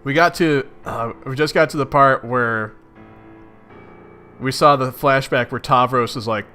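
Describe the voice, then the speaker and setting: A young man casually reading a webcomic aloud and reacting in a chatty, expressive way. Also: medium pitch, measured pace, clean tone, soft background music. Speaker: reader of a webcomic. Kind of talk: casual read-along with reactions.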